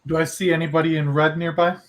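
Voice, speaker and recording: Fast-talking man player. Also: fairly high pitch, level tone. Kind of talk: tabletop game play. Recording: faint background noise.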